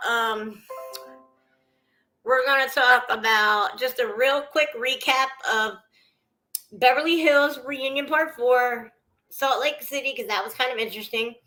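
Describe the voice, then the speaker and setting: A woman's voice: high voice, pushed and bright, poor audio. A woman chatting casually with viewers while cooking, greeting them by name as she goes. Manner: chatty, greets viewers mid-sentence, trails off. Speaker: vlogger cooking on a livestream.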